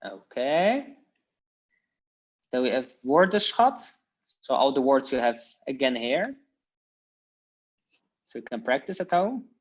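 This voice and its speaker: Slow, patient male language teacher. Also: mid-range voice, sing-song, highs cut off. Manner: slow, repeats Dutch phrases for learners, hesitant fillers. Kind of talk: informal language lesson.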